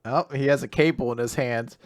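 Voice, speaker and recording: A man's voice: mid-range voice, a little fast. A man co-hosting a casual podcast chat, joking, laughing often and playfully grandiose. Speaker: podcast co-host.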